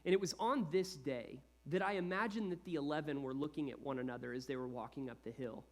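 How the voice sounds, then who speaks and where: A man in his thirties preaching a sermon as a pastor, in an animated, conversational style with lots of casual asides. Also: mid-range voice, quick pace.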